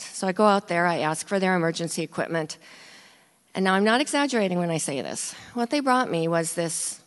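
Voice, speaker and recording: A woman who is a nurse telling a true story aloud in a vivid, animated way, building tension. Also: lowish voice, brisk. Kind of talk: live storytelling.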